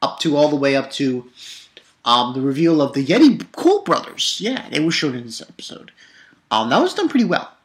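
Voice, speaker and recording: A man's voice: on the high side, big pitch swings, moderate pace. A young man casually recapping a cartoon episode, rambling and swearing, with lots of fillers and restarts. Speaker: anime episode reviewer.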